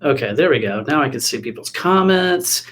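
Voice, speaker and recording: A man co-hosting a casual livestream chat from home, joking around with quick asides. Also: mid-range voice, lively intonation, a bit bright. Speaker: co-host.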